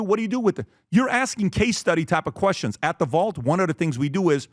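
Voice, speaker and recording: A man with a slightly raised voice delivers a punchy webinar talk on fatherhood. He is blunt and emphatic, slipping into quick acted-out family dialogues. The sound is dry and close. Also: high-pitched, no echo. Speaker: speaker teaching fathers.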